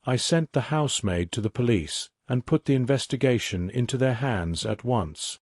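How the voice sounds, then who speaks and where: A man narrates a classic mystery as a sleep story, in a measured, even reading. His mid-range voice is recorded close and dry, with no room sound. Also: medium pitch, breathy edge, no echo. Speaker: audiobook narrator.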